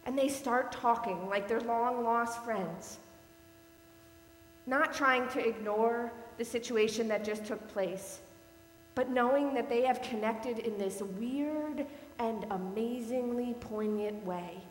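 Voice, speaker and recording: A woman pastor delivers a sermon in an unhurried, measured storytelling voice, pitched a little high. Her words echo around a large church hall with a long reverb tail. A faint electrical hum sits under the recording. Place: church sanctuary.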